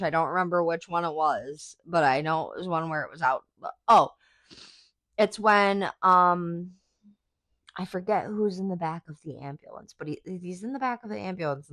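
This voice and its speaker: Host: woman, low voice, dry close sound, swears freely, gushing fan chatter. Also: fairly bright tone, no echo. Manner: chatty, profane, enthusiastic fan talk with many "like"s. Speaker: podcast host. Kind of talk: casual chat.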